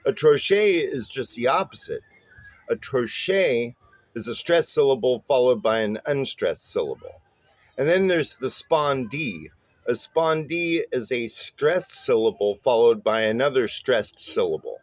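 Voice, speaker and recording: A man's voice: mid-range voice, a little slow, no room sound. Chatty man teaching rhythm, dry sound. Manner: relaxed and chatty, many "uh" and "um" fillers, chuckles at his own jokes. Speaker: bass teacher. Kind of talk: casual spoken lesson.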